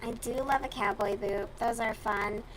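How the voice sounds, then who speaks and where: A woman's voice: on the high side, fairly even intonation, moderate pace, background noise. A young woman from the US South chatting casually and bluntly with her stream viewers while she crochets, with plenty of swearing.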